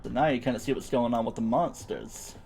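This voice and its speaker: A man's voice: mid-range voice, a little fast, vocal fry, darkish tone, slight background noise. A young man streaming a game, giving playful, chatty commentary with silly sound words. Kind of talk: gameplay commentary.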